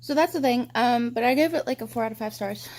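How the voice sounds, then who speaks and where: Young woman, higher-pitched voice, casual book vlogger who curses freely and rants about her reading. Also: quick pace, a little mellow. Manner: ranting, swears freely.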